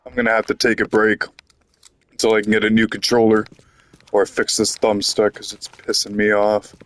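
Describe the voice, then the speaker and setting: A man's voice: lowish voice, monotone, moderate pace. A man giving casual commentary while playing a video game, frustrated, rambling and swearing. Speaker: gaming YouTuber.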